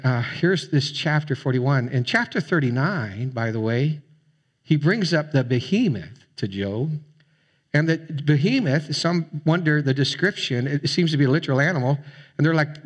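A man's voice: medium pitch, husky. A man preaching a sermon as a pastor, speaking conversationally with frequent fillers and restarts. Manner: conversational, with fillers and repeated words.

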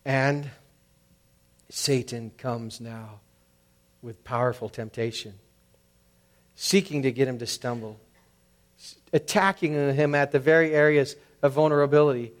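A man's voice: medium pitch, fairly even intonation, a little slow, long pauses. A middle-aged man preaching as a pastor in a conversational, storytelling manner, sometimes acting out quoted voices. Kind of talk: sermon.

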